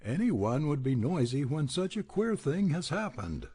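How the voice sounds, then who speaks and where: A man voicing an excited young boy pupil at a temple, exclaiming eagerly. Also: on the high side, moderate pace, breathy edge, voice pushed up.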